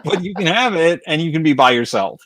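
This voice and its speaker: Podcast guy ranting and swearing, fairly high voice, dry sound. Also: lively intonation, fairly quick, fairly bright tone, no echo. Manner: profane, ranting. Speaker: podcast co-host. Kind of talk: casual podcast chat.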